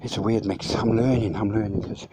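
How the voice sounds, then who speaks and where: Here's a brisk talker with a fairly low, evenly intoned voice, breathlessly chatting to viewers while carrying loads uphill outdoors. The casual vlog on a mountain path is full of rambling and free swearing, recorded on a phone amid outdoor noise.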